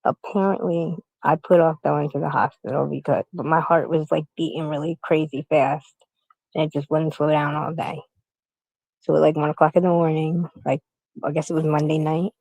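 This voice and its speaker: A middle-aged woman hosts a casual livestream from a hospital room, talking into her phone. Her voice sits low, mellow and gravelly, and it sounds dry and close. She rambles and breaks off to greet viewers by name. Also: no room sound, rough recording. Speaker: YouTube livestream host.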